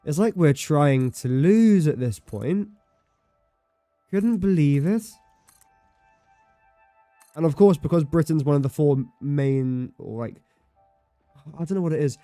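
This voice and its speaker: A man's voice: on the high side, animated, normal speed, warm tone, no room sound, soft background music. A young man chatting casually while livestreaming a game, rambling and correcting himself as he talks. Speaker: streamer. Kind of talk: casual gameplay livestream chat.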